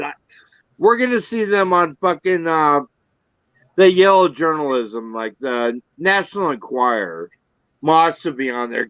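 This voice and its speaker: A man chatting crudely and joking with friends on a livestream, profane and quick to laugh. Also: a little high, a bit bright, no echo. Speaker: livestream co-host. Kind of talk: crude casual banter. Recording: dull lo-fi stream audio.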